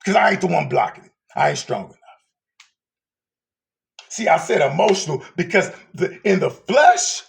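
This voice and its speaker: Male preacher, gravelly and high-pitched, lurching from shouts to whispers. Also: lively intonation, normal speed, pauses often. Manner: swings from shouting to hushed whispers. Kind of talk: emotional street sermon.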